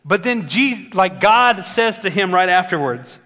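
A man's voice: high-pitched, lively intonation, measured pace, sharp tone. A man preaching a sermon as pastor, earnest and building to emphatic exhortation.

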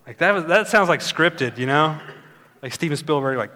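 A man's voice: on the high side, expressive, moderate pace, bright, forceful tone. A man preaching a sermon as pastor, earnest and building to emphatic exhortation.

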